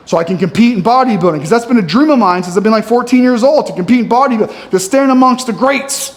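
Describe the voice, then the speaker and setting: A man's voice: high-pitched, quick pace, hardly any pauses. A man in his thirties venting in a ranting, self-critical monologue for his fitness vlog, wired on coffee. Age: 30s. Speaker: fitness vlogger. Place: gym.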